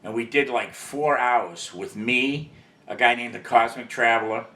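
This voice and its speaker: A man's voice: mid-range voice, unhurried, bright, forceful tone, reverberant, a little hiss or hum. An older man, a record industry veteran, telling long rambling stories as an interview guest, swearing casually and leaning on "you know" asides. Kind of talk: casual storytelling.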